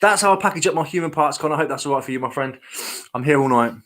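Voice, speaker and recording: A man with a British accent chats casually to a livestream audience, joking as he goes. He rambles from one thought to the next and answers questions as they come in. His voice sits a touch higher than most men's. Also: rapid-fire, a bit bright. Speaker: reseller livestream host.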